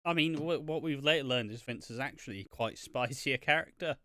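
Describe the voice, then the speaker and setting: A man's voice: medium pitch, fairly quick, crowd noise. A man co-hosting a wrestling podcast in casual, profane chat, joking and slipping into silly impressions. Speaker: podcast co-host.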